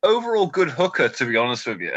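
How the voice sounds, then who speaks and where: A British man in his twenties doing a stand-up set, delivering deadpan one-liners with nervous asides to a quiet crowd. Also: mid-range voice, quick pace, no room sound, dull audio. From Britain. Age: 20s. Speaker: stand-up comedian.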